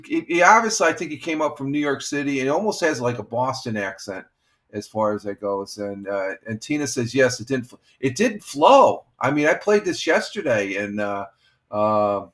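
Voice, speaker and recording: A man's voice: mid-range voice, animated, fairly bright tone. Rambling older man chatting on a live stream. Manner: rambling, halting, reads chat comments aloud. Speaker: livestream host. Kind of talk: casual live-stream chat.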